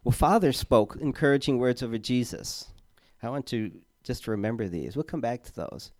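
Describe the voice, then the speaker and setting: A man gives a relaxed, conversational sermon in a mellow, warm voice. He speaks haltingly, with fillers and repeated words, and leans earnestly on key words. The sound is dry and close, with little room around it. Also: mid-range voice, dry recording. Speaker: preacher.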